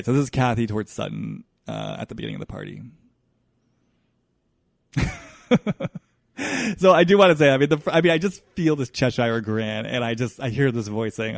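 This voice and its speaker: A man hosting a solo podcast, talking in an earnest, searching and halting way. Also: a little high, gravelly, no room sound, studio quality. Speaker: podcast host. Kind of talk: solo introspective podcast monologue.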